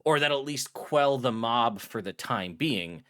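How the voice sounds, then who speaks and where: A man voicing a harried town official in a tabletop game, rambling quickly and cutting himself off. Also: mid-range voice, animated, fairly bright tone. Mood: flustered. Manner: rambling, rapid, self-interrupting. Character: harried male town official, fast-talking and overwhelmed. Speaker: dungeon master voicing a townsman. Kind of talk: tabletop role-play.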